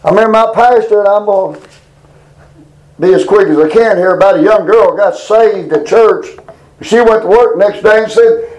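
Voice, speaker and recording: High-voiced folksy preacher man. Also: moderate pace, a little mellow, poor audio. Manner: folksy, emphatic, reads scripture aloud with rising pitch. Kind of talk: informal Bible teaching.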